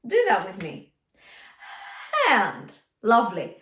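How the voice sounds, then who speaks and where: A woman's voice: a little high, expressive, unhurried. A woman teaching a singing lesson as a vocal coach, encouraging and singing example phrases. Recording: roomy and a bit distant from the mic.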